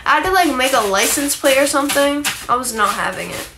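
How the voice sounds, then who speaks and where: A woman's voice: high voice, lively intonation, a little fast, vocal fry, background noise. A young woman chatting casually on a phone livestream, rambling with lots of likes and ums and casual swearing.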